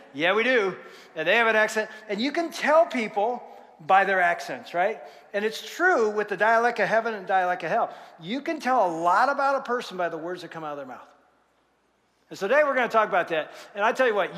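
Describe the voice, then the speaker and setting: Preaching in a large hall of a church, a pastor speaks a little fast in a voice that sits high. His sermon is full of lively stories and jokes with the congregation.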